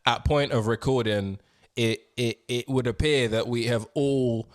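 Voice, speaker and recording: A man co-hosting a podcast in a room, in casual, relaxed chat with many hesitations and casual swearing. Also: mid-range voice, unhurried, no echo, clean studio sound. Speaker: podcast co-host. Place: indoor room.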